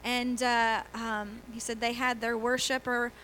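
A middle-aged woman pastor delivers a conversational sermon in a church, her voice high and bright. She tells stories with laughs and acts out quotes. A faint hum sits behind her. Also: level tone, a little slow, poor audio.

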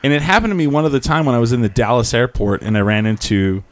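A man's voice: medium pitch, quick pace, no room sound. Young male co-host, rambling storyteller, dry close sound. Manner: rambling storyteller, acts out quotes. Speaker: podcast co-host. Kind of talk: casual chat.

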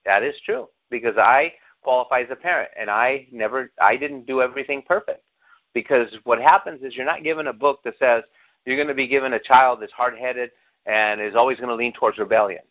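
A male pastor with a medium-pitched voice delivers a sermon at a fairly quick pace, in a conversational storytelling style. He acts out the people in his stories and asks the congregation questions, and the audio sounds thin and tinny, like a phone line.

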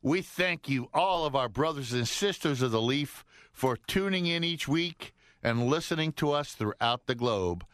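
A man's voice: medium pitch, expressive, measured pace, few pauses, fairly bright tone, clear, resonant tone, no room sound. A man hosting a live radio talk show from a studio, upbeat and joking as he banters with his co-host. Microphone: studio microphone.

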